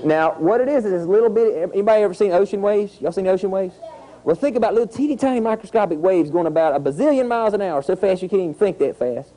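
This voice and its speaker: Animated man teaching kids. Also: high voice, quick pace, poor audio. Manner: animated storytelling with sound effects. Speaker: environmental educator. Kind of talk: outdoor lesson to children. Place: outdoors at a nature center.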